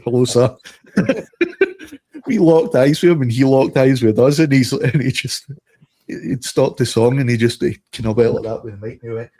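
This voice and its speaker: A man's voice: medium pitch, a little mellow, no room sound, poor audio. A middle-aged man from Scotland telling sweary stories in casual podcast chat, laughing often. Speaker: podcast co-host.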